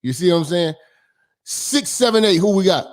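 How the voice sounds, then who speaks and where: A man hosting a call-in show in a hyped, profane, animated way. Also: high voice, moderate pace. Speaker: host.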